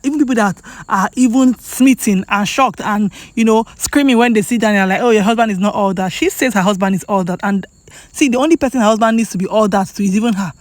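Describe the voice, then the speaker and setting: A woman's voice: medium pitch, no echo. A woman with a Nigerian accent giving casual, emphatic commentary to camera as a celebrity gossip vlogger, repeating points for effect.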